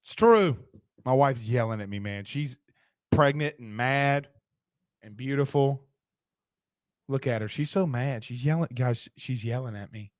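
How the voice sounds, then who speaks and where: Hosting a casual sports talk show, a man with a mid-range voice speaks quickly and emphatically, reading viewer comments aloud and ribbing his co-host. The sound is clean studio audio with no room sound.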